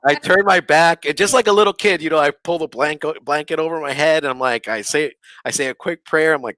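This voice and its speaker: A man's voice: fairly high pitch, a little fast, hardly any pauses, pushed and bright, no room sound. A man, a podcast guest, telling a story casually, rambling with lots of fillers and acting out quoted dialogue. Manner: rambling, filler-heavy, with frequent "like" and "you know"; acts out quoted lines of dialogue. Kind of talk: casual storytelling of a ghost experience.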